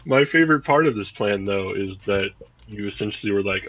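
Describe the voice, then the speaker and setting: A man's voice: on the low side, animated, a little fast, fairly bright tone. A man narrating as game master of a tabletop game, in a loose, rambling way full of "like" and "um". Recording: dull, lo-fi podcast audio.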